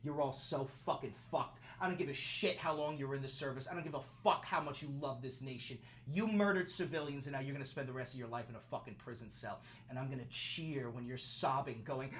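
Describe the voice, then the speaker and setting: Profane mocking male streamer, lively pitch. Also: normal speed, breathy edge. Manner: taunting, provocative. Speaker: livestreamer. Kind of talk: profane livestream rant.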